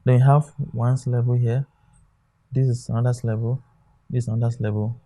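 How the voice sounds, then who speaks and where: A man gives an exam lesson in a mellow, warm voice. He walks through examples on a board, stopping often to say "okay" and check that students follow. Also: medium pitch, flat delivery, fairly quick. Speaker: exam tutor. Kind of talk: classroom lecture.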